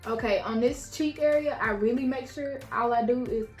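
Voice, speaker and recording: Animated young woman, echoey room, high voice. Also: moderate pace. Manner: animated, swings into loud high-pitched quotes of herself and others; casual and frank, swears freely, chats to viewers as "y'all". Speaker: beauty vlogger. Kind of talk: storytime while doing makeup. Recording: echoey room with faint background music.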